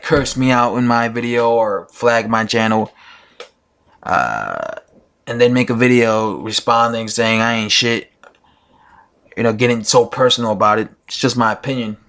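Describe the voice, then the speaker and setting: A man's voice: mid-range voice, fairly bright tone. A man giving his opinions in a casual vlog, rambling with many fillers and restarts. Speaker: boxing YouTuber.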